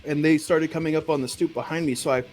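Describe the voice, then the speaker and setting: A man voicing a cheeky young woman with sticky fingers who talks in a brash, rushed way, in a tabletop role-playing game. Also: a little high, steady tone, a little mellow, faint music behind, close to an everyday voice. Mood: apologetic.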